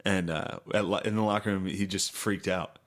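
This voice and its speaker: Deep-ish dude telling stories on a comedy podcast, laughs a lot, yells when acting out people. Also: male voice, steady tone, normal speed. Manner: storytelling, laughs easily, loud bursts when acting out people. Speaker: podcast co-host. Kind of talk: casual comedy podcast chat.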